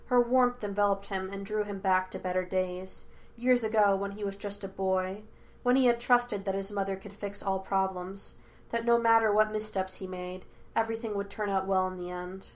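Woman, audiobook narrator, fan fiction, measured, expressive, medium pitch. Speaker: podfic reader.

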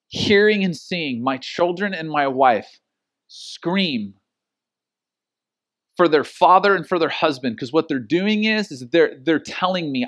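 A middle-aged man preaching a sermon as pastor, telling stories and acting out the quotes with lively energy. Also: fairly high pitch. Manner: animated storytelling with acted-out quotes.

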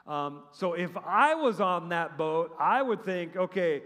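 A middle-aged man with a high voice preaches a relaxed, conversational sermon. He talks in an animated, chatty way, trips over restarts and throws in sarcastic asides. His voice rings with the long reverb of a big church hall. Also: takes it slowly. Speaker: pastor.

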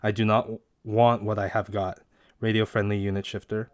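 A man's voice: lowish voice, flat delivery, normal speed, no room sound, clean studio sound. A young man chatting casually and reading quiz options aloud, swearing now and then. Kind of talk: casual chat doing online quizzes.

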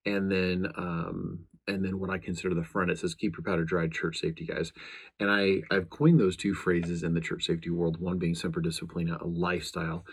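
Gravelly deep-voiced man chaplain host. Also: level tone, a little fast. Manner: earnest, meandering, with frequent restarts. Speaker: law enforcement chaplain and podcast host. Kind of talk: casual talk to camera.

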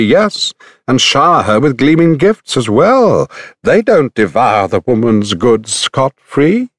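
A man reading the lines of a grieving, wise middle-aged queen in a measured, sorrowful way. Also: medium pitch, no echo, clean studio sound, lightly acted.

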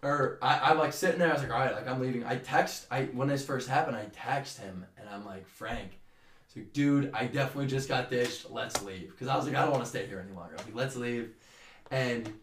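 A young man, a podcast co-host, telling a rambling, animated story in casual chat and swearing freely. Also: medium pitch, fairly quick. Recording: roomy, distant from the mic.

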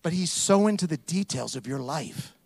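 A man preaching a sermon as a pastor, animated, acting out little scenes and asides as he goes. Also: a little high, moderate pace, gravelly, slightly rough.

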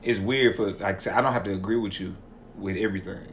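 A man in quick, animated banter with a co-host on a livestream. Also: lowish voice, slight background noise. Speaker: podcast co-host. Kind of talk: casual chat on a livestream.

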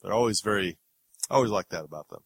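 A man's voice: lowish voice, animated, fast, vocal fry, fairly bright tone, husky, no room sound, clean studio sound. A man hosting a casual movie review podcast, laughing easily as he introduces film clips. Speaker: podcast host.

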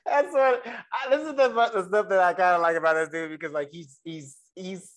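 A man co-hosting a casual chat about a TV episode, animated, laughing often and swearing freely. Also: high voice, normal speed. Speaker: podcast co-host.

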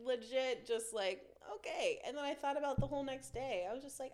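A young woman chatting on a podcast, her voice sitting a bit high. She tells stories with lots of giggles and animated bursts, in a relaxed, casual way. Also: moderate pace. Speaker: podcast guest. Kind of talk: casual chat.

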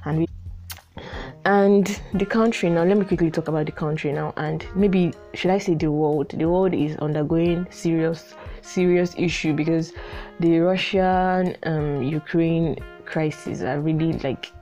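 A woman's voice: deep voice, fairly even intonation, measured pace, mellow, soft background music. A young woman from Nigeria with a Nigerian accent, hosting her own podcast in casual solo chat, chatty with frequent "like" fillers. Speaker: podcast host.

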